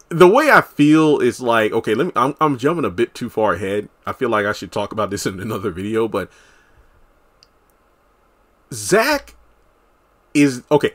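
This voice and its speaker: A man casually recapping a TV episode as a solo reviewer, chatty and animated, acting out characters' lines. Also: mid-range voice. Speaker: TV show reviewer.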